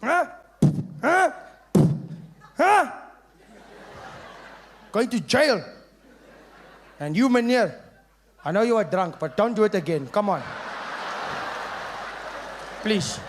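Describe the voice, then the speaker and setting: A man's voice: high voice, very animated, takes it slowly, pauses often, a little hiss or hum, full character voice. A comedian voicing a bossy male police officer who barks his demands. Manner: barking, demanding.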